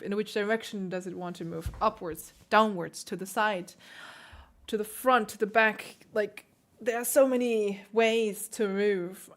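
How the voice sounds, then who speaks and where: A woman who hosts a piano channel, critiquing viewers' playing with emphatic, animated coaching. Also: mid-range voice. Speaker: piano teacher and channel host.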